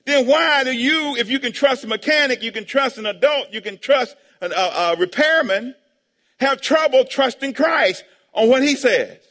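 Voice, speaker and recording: Bright, high-voiced preaching man. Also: lively intonation, normal speed. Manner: call-and-response, asking the congregation for amens and answers; preaching with sudden loud shouts. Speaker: pastor. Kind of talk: sermon. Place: church sanctuary. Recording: long hall reverb.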